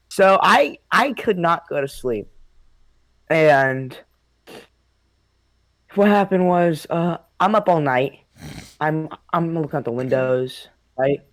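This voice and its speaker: A man's voice: a little high, dry recording. A young man casually telling a spooky childhood story, rambling, swearing a lot and laughing often. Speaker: host.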